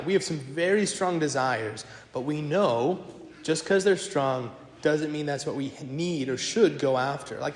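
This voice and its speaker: Priest preaching, animated and wry, fairly high voice, echoey church. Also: male voice. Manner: animated, self-deprecating humor, quick asides. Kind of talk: lively sermon with storytelling. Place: large church.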